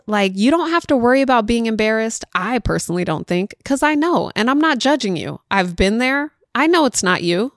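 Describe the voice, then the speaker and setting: A woman's voice: fairly high pitch, expressive, brisk, few pauses, no echo, studio quality. A woman in her thirties hosting a parenting podcast, talking in a chatty way, laughing often and dropping in a lot of "like.". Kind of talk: casual chat.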